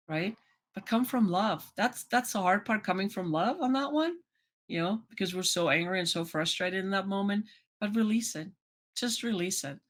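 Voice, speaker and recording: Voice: mid-range voice, normal speed. A life coach talking casually to a vlog audience, chatty and full of "you know" and "right?", acting out remembered conversations. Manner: acts out remembered conversations in lively voices. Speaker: life coach and channel host.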